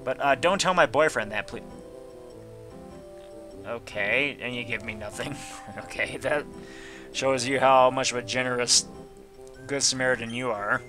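A man's voice: medium pitch, unhurried, long pauses, pushed and bright, soft background music. A man giving casual gameplay commentary, reading game text aloud and adding goofy asides. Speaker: let's player.

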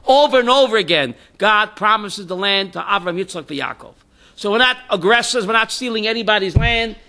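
A male rabbi teaches a Torah class in a high, bright voice with lively intonation that swings widely in pitch. Brisk in pace, he fires rhetorical questions at his students, quizzes them by name, and mixes in Hebrew terms.

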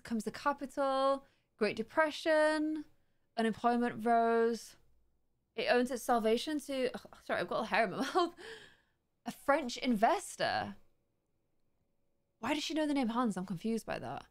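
A young woman hosting a let's play, chatting curiously and reading game text aloud slowly as she thinks. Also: on the high side.

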